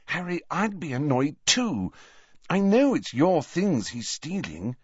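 A man voicing an anxious, bossy teenage girl witch who shrieks and pleads in hushed tones. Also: fairly high pitch, big pitch swings, slow, slightly rough, dry recording, lo-fi sound, voice pushed up, full character voice.

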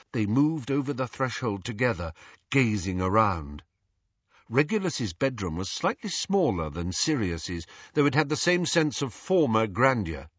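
A man narrating an audiobook with expressive, varied storytelling. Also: medium pitch, slightly rough, no echo. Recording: dull lo-fi dry audio.

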